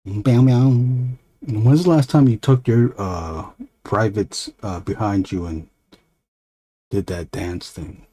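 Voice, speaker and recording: A man's voice: fairly low pitch, expressive, slow pace, warm tone, breathy edge. A man casually chatting and joking in playful, rambling tangents while he draws on his stream. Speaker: artist hosting a drawing stream. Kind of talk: casual chat while drawing.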